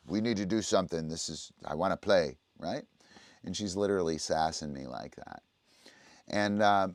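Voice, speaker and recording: Man, dog trainer, conversational livestream lesson, low voice, dry sound. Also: gravelly, dry recording. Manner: conversational, explaining, often asks "right?". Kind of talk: livestream teaching.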